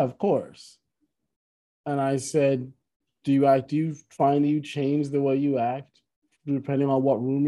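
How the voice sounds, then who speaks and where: A man in casual conversation, telling a story with lots of restarts and asides. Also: mid-range voice. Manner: rambling, self-correcting, animated retelling. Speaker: podcast co-host, musician.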